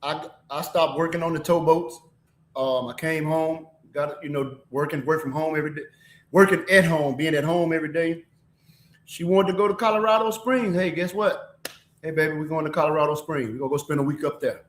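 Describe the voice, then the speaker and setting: Man, relaxed rambling guest, a bit high-pitched, roomy echo. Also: a little fast. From Mississippi. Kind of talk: casual interview chat.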